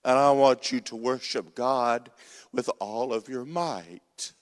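A big, wise old lion giving calm, slow commands, as a preacher puts him on. The voice sits in a man's middle range and rings with a long hall reverb. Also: medium pitch, lightly acted. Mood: solemn.

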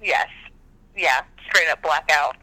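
A man chatting casually as a podcast guest, telling stories in an animated, dramatic way. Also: a little high, takes it slowly, poor audio. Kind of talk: casual chat.

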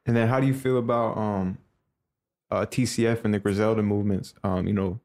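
Male co-host, quick easygoing chatter, lowish voice. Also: fairly even intonation, a little mellow. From Rochester, New York. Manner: easygoing, conversational. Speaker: interview host. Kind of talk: casual interview chat.

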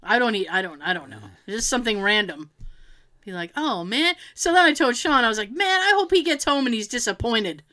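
A woman's voice: on the high side, fairly quick. A woman telling a funny story in casual chat, acting out what others said and laughing often. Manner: animated, acts out quotes of others, laughs often.

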